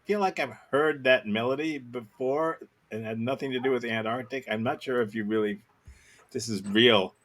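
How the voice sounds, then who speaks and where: A man's voice: medium pitch, normal speed, a bit bright, a little hiss or hum. A man hosting a comedy show, joking in loose banter with hesitant ums and uhs. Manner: jokey, hesitant, fills with um and uh. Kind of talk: joking banter among hosts.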